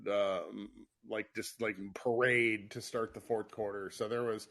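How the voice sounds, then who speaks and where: A man's voice: lowish voice, little pitch movement, unhurried, a bit bright. Guy hosting a live sports call, chatty and rambly, keeps restarting his sentences. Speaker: podcast host. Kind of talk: casual live sports chat.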